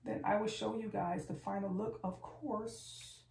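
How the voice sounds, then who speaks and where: Woman vlogger with a gravelly edge, gabbing playfully at viewers from far off in an echoey room. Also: medium pitch, steady tone, unhurried, a little mellow. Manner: chatty and playful, keeps addressing viewers as y'all. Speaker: beauty vlogger. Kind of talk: casual get-ready-with-me chat. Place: room at home, camera set far back. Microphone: far camera mic. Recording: roomy, distant, faint background noise.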